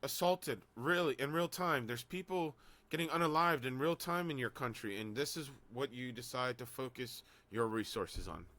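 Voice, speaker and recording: A man's voice: medium pitch, moderate pace, pushed and bright, no echo. Sarcastic man co-hosting a talk show. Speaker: podcast co-host. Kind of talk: news reading and casual commentary.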